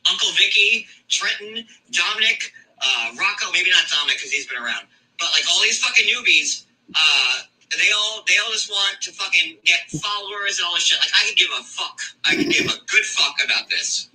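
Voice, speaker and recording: A man rants on a live stream, swearing nonstop and hammering his points home by repeating them. His voice sits high and sounds piercingly bright and sharp. The clip is played back and heard from a distance. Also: moderate pace. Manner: swears constantly, mocking, repeats himself for emphasis. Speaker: reality show commentator. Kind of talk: profane angry rant on a live stream.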